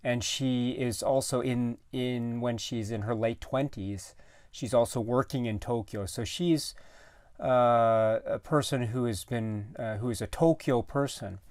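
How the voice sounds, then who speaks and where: Rich: A man in a relaxed film chat, picking his way through each thought with stops and restarts. His voice sits at an ordinary middle pitch. The sound is dry and close, with no room around it. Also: no room sound. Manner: halting, searching for words with many restarts. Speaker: guest commentator. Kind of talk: casual film discussion.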